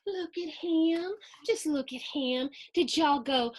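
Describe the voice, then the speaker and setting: A woman hosting a storybook reading for children, animated and sing-song, chatting with her young listeners between pages. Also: high voice, takes it slowly. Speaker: host reading a picture book to children. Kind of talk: storybook read-aloud for kids.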